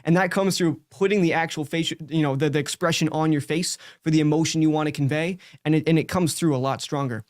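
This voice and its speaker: Guy coaching on a live show, kinda high voice, talks fast and loose with lots of likes, dry close mic. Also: no room sound. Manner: direct and talkative, many likes and restarts. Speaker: sales coach and show host.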